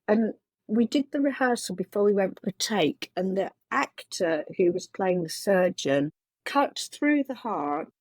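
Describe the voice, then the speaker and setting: A woman's voice: medium pitch, animated, unhurried, no room sound. A middle-aged woman, a makeup designer, answering interview questions with earnest storytelling and frequent restarts.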